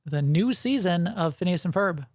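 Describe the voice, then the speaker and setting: A man's voice: high-pitched, animated, moderate pace, dry recording, studio quality. A man co-hosting a gaming podcast in casual chat, rambling and correcting himself, with frequent chuckles. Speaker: podcast co-host.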